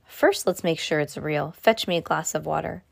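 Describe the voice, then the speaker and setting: A smug male villain chef who threatens people calmly and sarcastically, read out by a woman. His voice sits low and close, with no room sound around it. He is a storybook baddie who never raises his voice. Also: normal speed, creaky, dry recording, exaggerated voice. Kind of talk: read-aloud storybook dialogue.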